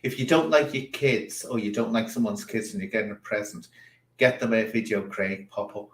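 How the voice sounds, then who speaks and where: A man's voice: fairly low pitch, normal speed, echoey room. A man streaming a sarcastic, theatrical running commentary over a video. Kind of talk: mocking reaction commentary.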